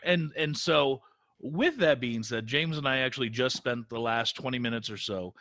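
A man co-hosting a casual live podcast, stuffy and congested from a cold, talking haltingly with many fillers. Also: mid-range voice, a bit bright, no echo. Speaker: podcast co-host.

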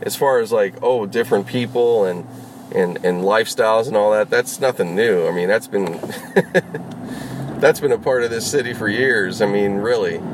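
A man's voice: fairly low pitch, normal speed, noisy background. A man rambling casually while vlogging from inside his car as a rideshare driver, full of fillers, restarts and swearing. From Los Angeles.

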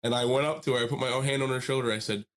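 Animated young man telling stories. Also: mid-range voice, racing. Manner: animated storyteller, swears freely, acts out quoted people. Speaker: podcast co-host. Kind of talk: casual chat.

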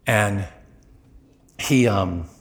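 A man preaching a sermon in a church, telling stories animatedly and jumping higher in pitch when he quotes people. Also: very slow. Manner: animated storyteller, voice jumps high when quoting people. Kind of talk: sermon with storytelling.

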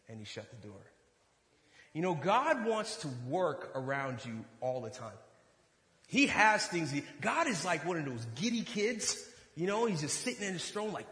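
A man preaching a sermon, telling a personal story and acting out the dialogue with lively energy. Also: fairly high pitch, moderate pace, roomy sound, big-room sound. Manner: animated storytelling, acts out dialogue. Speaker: pastor.

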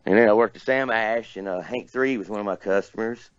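Record store owner, lowish voice, rambling easygoing guest, dry dull lo-fi sound. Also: male voice, fairly quick, no room sound. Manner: rambling, laid-back storyteller. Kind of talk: casual podcast chat.

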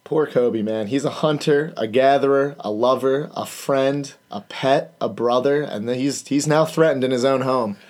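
A man's voice: mid-range voice, moderate pace, hardly any pauses, darkish tone. A young adult man, a guest in a casual chat, telling his side of the story in a laid-back, mock-earnest way.

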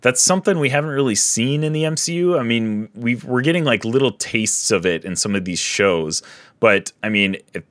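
A man's voice: mid-range voice, expressive, moderate pace, fairly bright tone, no echo. A young man co-hosting a podcast, reviewing a show in a rambling, filler-heavy casual chat. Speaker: podcast co-host.

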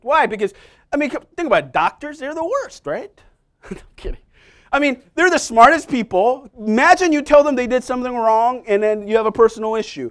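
A middle-aged man with a rather high voice delivers a sermon in a church. He tells personal stories in a loose, conversational, self-deprecating way. He often turns to the congregation with quick asides. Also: lively intonation, a bit bright. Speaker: preacher.

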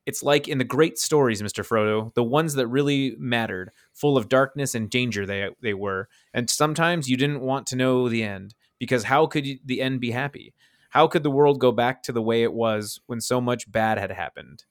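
An earnest, loyal young hobbit speaks from the heart, as a podcast host recites him. The delivery is plain and sincere rather than strongly acted. The sound is dry and close. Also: male voice, medium pitch, normal speed, no echo, lightly acted. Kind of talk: reciting a film monologue.

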